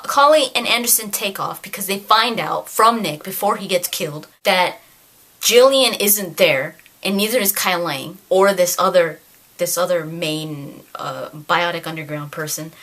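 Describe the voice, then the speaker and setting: A woman giving an animated, exasperated review of a novel in a casual rant, acting out characters' lines along the way. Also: mid-range voice, normal speed. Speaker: video creator reviewing a novel. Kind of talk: casual ranting book review.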